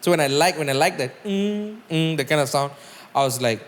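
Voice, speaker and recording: A man, a guest musician, tells stories on a casual podcast in an animated way, swearing and using a lot of "like". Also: mid-range voice, quick pace, in a large hall.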